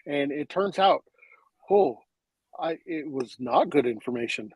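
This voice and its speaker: Brief: male co-host, high and a bit husky, self-deprecating and laughing. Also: animated, a little slow, no echo, low-quality recording. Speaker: co-host of a comics livestream. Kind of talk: casual livestream chat.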